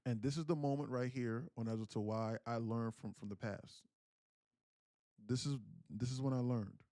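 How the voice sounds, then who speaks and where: A man's voice: medium pitch, moderate pace, warm tone, no echo, clean studio sound. Earnest man telling a personal story. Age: 30s. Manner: earnest, candid, repeats himself while recounting. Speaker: day trading livestream host.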